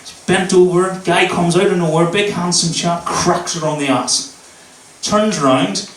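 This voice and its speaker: Northern Irish man doing stand-up, roomy echo. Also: fairly high pitch. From Northern Ireland. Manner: swearing, animated storytelling. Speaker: stand-up comedian. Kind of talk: stand-up comedy set. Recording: echoey room, mic at a distance.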